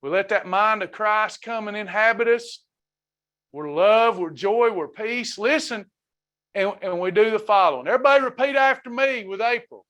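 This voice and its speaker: A man's voice: sits high, moderate pace, a bit bright. A man leading a faith-based wellness class, preaching with fervor and reading out members' comments as he goes. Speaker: wellness ministry leader. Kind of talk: preaching to a live online class.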